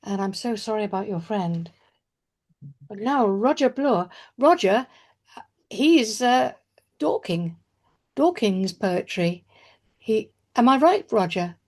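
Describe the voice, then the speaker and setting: An older woman hosting a poetry meeting over a video call, talking in a halting way and searching for words. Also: medium pitch, lively intonation. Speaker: host.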